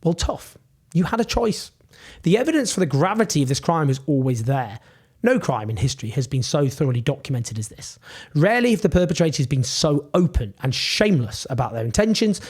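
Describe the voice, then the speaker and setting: A man's voice: fairly high pitch, big pitch swings, brisk, a little mellow, slightly rough. A man giving indignant scripted political commentary, emphatic and full of rhetorical questions.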